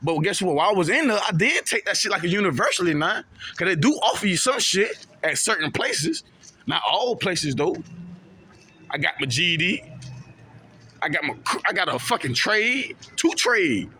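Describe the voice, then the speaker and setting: High, bright-voiced man preaching street talk. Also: big pitch swings, normal speed, slightly rough. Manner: preachy, repetitive, heavy slang and swearing. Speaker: vlogger giving prison testimony. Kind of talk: street talk monologue to camera.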